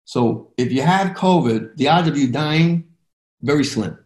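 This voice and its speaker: A man's voice: fairly high pitch, expressive, unhurried, a little mellow. Passionate man hosting, echoey room. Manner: passionate, rambling, emotional. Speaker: podcast host. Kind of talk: interview conversation. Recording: roomy echo.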